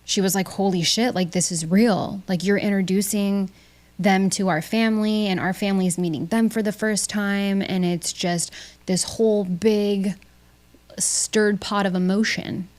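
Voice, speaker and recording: A woman's voice: medium pitch, fairly even intonation, unhurried, a little mellow. A young woman hosting a podcast, telling a personal story in a casual, candid way and swearing freely. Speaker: podcast host. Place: small home studio.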